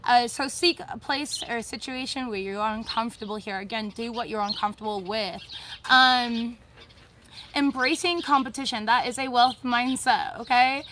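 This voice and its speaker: A woman with a fairly high voice gives a casual mindset talk. She is blunt and chatty, swears freely and fills her pauses with ums. Faint noise hums behind her. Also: sharp tone. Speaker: host.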